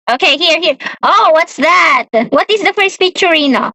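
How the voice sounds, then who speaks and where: A young woman teaching a beginner English lesson to a child, repeating words slowly and laughing often. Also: very high voice, bright, forceful tone, no room sound, highs cut off.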